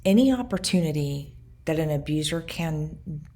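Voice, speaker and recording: A woman in her forties speaking in a personal video journal, earnest and reflective, in short halting phrases. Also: deep voice, animated, mellow. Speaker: vlogger recounting her past.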